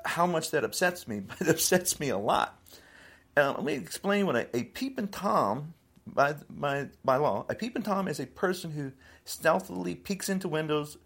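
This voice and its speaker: A man's voice: mid-range voice, gravelly. A man giving an indignant opinion monologue, laughing between his points.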